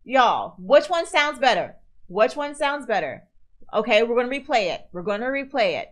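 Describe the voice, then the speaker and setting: A woman streamer giving casual, animated reaction commentary and answering viewer comments as she goes. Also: a little high, moderate pace, poor audio. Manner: chatty, reads viewer comments aloud, animated.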